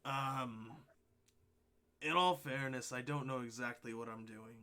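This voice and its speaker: Guy gm narrating a tabletop game, lots of ums, average pitch. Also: steady tone, unhurried, bright, forceful tone. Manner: hesitant, lots of ums and uhs. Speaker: game master.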